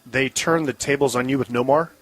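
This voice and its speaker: A man's voice: medium pitch, a little fast, a bit bright. A man hosting a casual podcast interview, asking curious, friendly questions. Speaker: podcast host.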